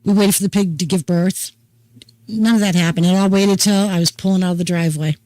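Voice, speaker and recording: An older woman hosting a casual talk show, chatting in a folksy, unhurried storytelling way. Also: fairly low pitch, fairly even intonation, darkish tone, dry recording, rough recording. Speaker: host. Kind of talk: casual chat.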